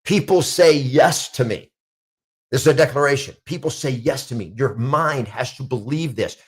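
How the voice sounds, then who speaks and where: A man's voice: mid-range voice, normal speed, breathy edge. Emphatic male real estate coach. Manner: emphatic, repeats declarations with rising intensity. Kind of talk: motivational coaching talk.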